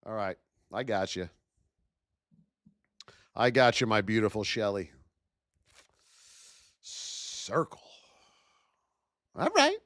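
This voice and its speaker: A man's voice: lowish voice, huge pitch swings, measured pace, pauses often, a bit bright, no echo, clean studio sound. A man in his thirties hosting a live trading stream, hyped up, calling out viewers' names and calling them his beauties. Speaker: trading educator and livestream host.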